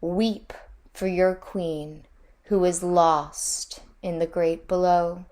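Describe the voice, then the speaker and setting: A woman's voice: on the low side, fairly even intonation, slow, darkish tone. A woman voicing a loyal female servant in a storybook, proclaiming grief. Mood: grieving.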